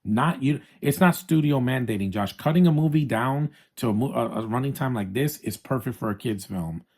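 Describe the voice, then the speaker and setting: Male movie reviewer, medium pitch, casual and opinionated, addresses the audience directly. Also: expressive, moderate pace, a little mellow. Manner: chatty, opinionated, frequent restarts, addresses viewers as guys.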